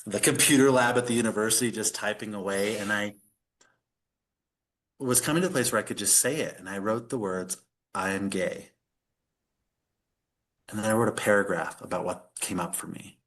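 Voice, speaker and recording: A man's voice: on the low side, fairly quick, a bit bright. A middle-aged man, a podcast guest, telling a personal story in earnest conversation, with many fillers.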